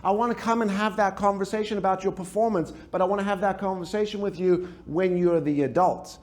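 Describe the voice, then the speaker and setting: High-voiced, animated male workshop speaker. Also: brisk. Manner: lively storytelling with sound effects and audience questions. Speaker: speaker and trainer.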